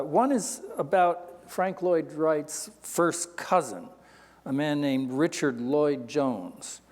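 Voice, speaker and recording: A man's voice: a little high, a little mellow. A man interviewing an author on stage before an audience, with brief, dry remarks. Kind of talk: onstage conversation. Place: recital hall before an audience. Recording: long hall reverb.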